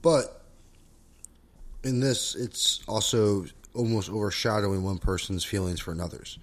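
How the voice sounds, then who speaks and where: A man's voice: fairly low pitch, a little slow. A man co-hosting a casual conversation, reflective and circling back on his points with frequent "right?" tags. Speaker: podcast co-host. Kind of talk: casual conversation about relationships and therapy skills.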